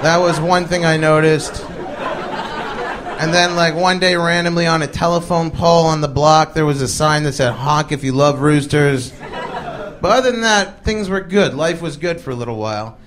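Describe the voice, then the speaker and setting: Comedian guy rambling through a story onstage, fairly high voice, crowd laughing behind him. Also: normal speed. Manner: loose, chatty delivery with many fillers, puts on voices for quoted people. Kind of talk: live comic storytelling. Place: stage before a live audience. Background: audience laughter.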